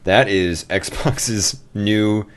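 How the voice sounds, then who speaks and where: A man with a fairly low voice co-hosts in relaxed banter, teasing his partner as he talks. He jokes easily and keeps the chat loose. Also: extremely slow. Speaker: co-host. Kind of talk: casual chat.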